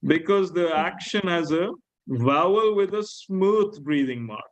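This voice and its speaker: Slow-paced man teaching a class. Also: a little high, lively intonation, dull audio. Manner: slow, repeats key words, asks students questions. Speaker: Greek teacher. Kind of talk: classroom lecture.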